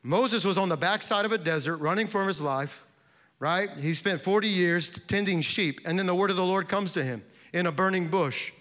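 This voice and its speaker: A pastor delivers an impassioned sermon in a high, bright male voice. He builds through repeated refrains, and the sound rings out with a long reverb from a large church sanctuary. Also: normal speed.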